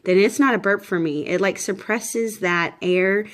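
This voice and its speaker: A woman's voice: medium pitch, measured pace. Chatty, tired woman vlogging casually. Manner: chatty, rambling, many fillers and restarts. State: tired and shaky. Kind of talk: casual pregnancy update vlog.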